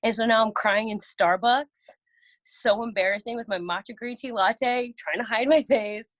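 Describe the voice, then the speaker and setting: A woman's voice: fairly high pitch, normal speed, no room sound. Sassy laughing woman telling stories. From Oklahoma. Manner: sassy, laughing, acts out quoted people. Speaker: guest, network marketing distributor. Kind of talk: animated personal storytelling.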